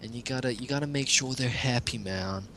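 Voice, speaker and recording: A man's voice: mid-range voice, brisk, pushed and bright, slight background noise. A man co-hosting a podcast in a casual, joking chat, rambling along with frequent chuckles. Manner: rambling, jokey, chuckles often. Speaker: podcast co-host.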